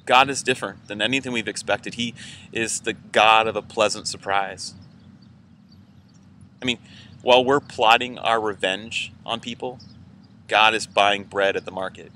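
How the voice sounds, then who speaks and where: Low-voiced guy pastor talking through a sermon real casual, lots of fillers, bright edgy tone. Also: fairly even intonation, moderate pace, long pauses, slight background noise. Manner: casual and conversational, many "like"s and fillers. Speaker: church pastor. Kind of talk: informal weekend sermon message.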